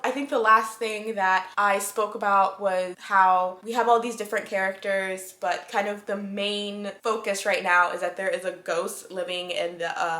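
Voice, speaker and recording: A woman's voice: mid-range voice, bright, forceful tone. A young woman chatting casually in a reading vlog, gushing and chatty, with lots of "like.". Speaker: book vlogger. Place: home room at night. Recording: echoey room, faint music.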